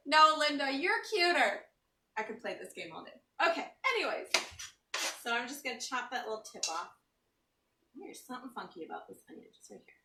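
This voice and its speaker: This woman's voice is a little high with a sharp edge, picked up from a distance in an echoey kitchen where she's off-mic. Hosting a casual live cooking stream from home, she chats, cracks jokes and reads viewer comments aloud, teary-eyed from chopping onions.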